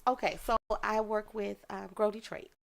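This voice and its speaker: Gravelly-voiced woman educator, lively. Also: mid-range voice, moderate pace. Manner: lively storyteller, laughs often. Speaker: guest, educator and daycare owner. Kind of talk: casual interview talk.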